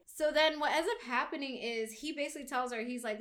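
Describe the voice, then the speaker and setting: A woman with a bright, higher voice chats loosely about a book she has been reading. She talks in slang and swears freely. She slips into quoted lines of dialogue as she goes. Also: fast, hardly any pauses. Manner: slangy, profane, acts out character quotes. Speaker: book discussion co-host. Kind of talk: casual chat recapping a book.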